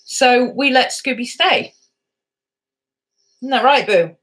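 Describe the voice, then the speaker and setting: Speaking slowly in a slightly high, somewhat bright voice, a vlogger chats animatedly indoors at home. She fondly recounts a story about her rescue dogs and talks to them in baby-talk.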